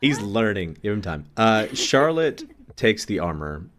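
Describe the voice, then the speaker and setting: A man's voice: fairly low pitch, sing-song, unhurried, fairly bright tone, slight background noise. A man narrating as game master in casual, filler-heavy speech that often breaks into laughter.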